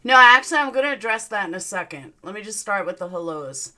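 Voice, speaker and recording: A woman's voice: medium pitch, very animated, brisk, a bit bright. A young woman with a Southern US accent, hosting a casual livestream and greeting her viewers one by one in an upbeat way. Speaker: livestream host.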